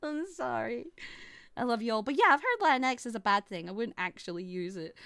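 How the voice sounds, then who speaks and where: Giggly Scottish woman, bright and dry. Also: fairly high pitch, animated, brisk, gravelly, clear, resonant tone, dry recording. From Scotland. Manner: giggly, playful, rambling. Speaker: streamer reacting to a video. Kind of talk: casual reaction stream chat.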